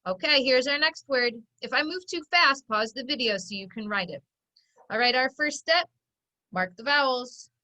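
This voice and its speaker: A woman teacher giving a phonics lesson to children on video, slowly sounding out letters and syllables. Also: high voice, sharp tone, poor audio.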